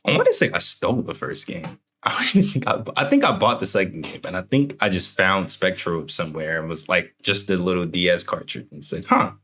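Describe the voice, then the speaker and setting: Low-voiced bright young man rambling. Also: a little fast, hardly any pauses. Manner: rambling, animated, joking. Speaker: podcast co-host. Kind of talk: casual podcast chat.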